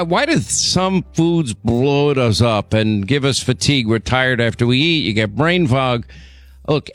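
A middle-aged man hosts a call-in radio talk show, speaking quickly and conversationally and stammering a little when defending himself. His voice is medium-pitched and fairly bright, with no echo.

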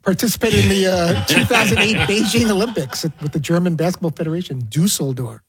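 A man on a sports radio show reads out facts in a brisk, matter-of-fact way. His voice is high and very breathy, and he talks fast. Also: fairly bright tone. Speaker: show researcher.

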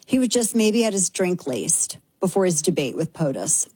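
A woman's voice: mid-range voice, animated, a little mellow, husky, no room sound. A woman hosting a talk show, delivering a brash, sarcastic opinion monologue. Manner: brash, sarcastic, fast-shifting.

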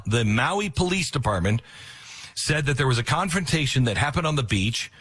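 A man's voice: mid-range voice, fairly bright tone, husky. A man giving opinionated political news commentary, retelling stories sarcastically and acting out the quotes.

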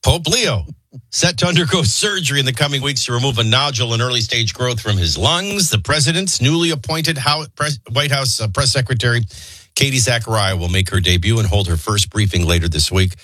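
A male morning radio host with a bright, forward tone and a slightly husky edge. He reads news headlines and banters with callers, tossing in joking asides. The studio sound is dry and close. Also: mid-range voice, brisk, no echo. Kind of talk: news reading and call-in chat. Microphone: studio microphone.

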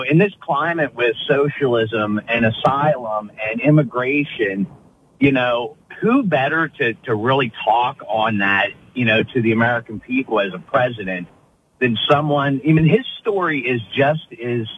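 Rambling caller. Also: male voice, medium pitch, unhurried. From Pittsburgh area. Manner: rambling, with constant "you know". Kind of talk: call-in phone chat. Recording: dull lo-fi phone call with faint noise.

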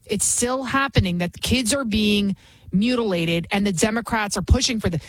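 A woman's voice: medium pitch, moderate pace, no echo, rough recording. A woman hosting a political commentary show, talking fervently and emphatically, often restarting her sentences. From United States.

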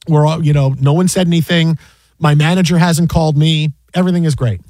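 A man who works as a sports broadcaster, telling an animated anecdote with many restarts and an incredulous tone. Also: on the high side, a little fast, no echo.

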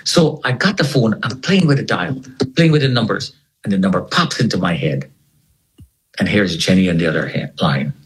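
A man with a low voice tells a personal story to an interviewer. His pitch swings widely as he acts out every exchange in an animated way. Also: normal speed, poor audio. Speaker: interview guest.

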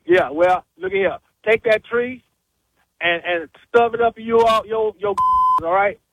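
A man's voice: high voice, wildly swooping pitch, unhurried, creaky, no room sound. A man on a phone call, laughing off accusations in a dismissive, defiant way. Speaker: prank call target. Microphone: phone line. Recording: noisy phone line.

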